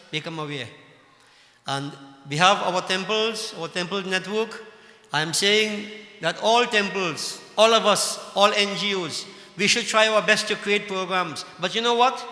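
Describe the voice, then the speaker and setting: A man preaches to his devotees in a high, very bright voice, scolding and impassioned, firing off rhetorical questions. His sermon rings through a roomy temple hall with a long reverb tail. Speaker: religious leader addressing devotees.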